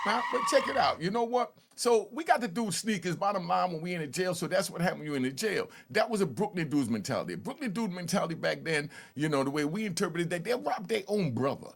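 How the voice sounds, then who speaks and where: A man in his fifties from Harlem with a New York accent, hosting and telling stories in a loose, animated way, often stammering on restarts. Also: high-pitched, vocal fry, husky. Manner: animated, repeats "you know what I mean", stammers on restarts. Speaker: host. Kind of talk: casual storytelling commentary.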